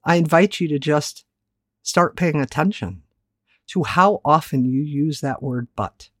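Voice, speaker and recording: A woman's voice: low-pitched, a little slow, no echo, studio quality. A woman giving a candid, reflective solo talk as a self-help host, with casual swearing. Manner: candid, animated, casually profane.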